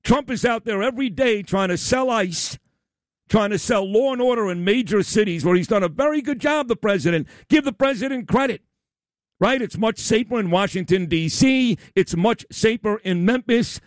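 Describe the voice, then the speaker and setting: A man hosting talk radio, ranting in a loud, combative, sarcastic way into a studio microphone. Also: high voice, expressive, normal speed, no echo. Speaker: radio talk show host.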